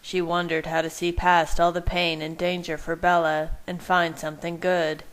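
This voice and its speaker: A woman narrating a first-person fan fiction story in a soft, measured way. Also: on the low side, flat delivery, rough recording.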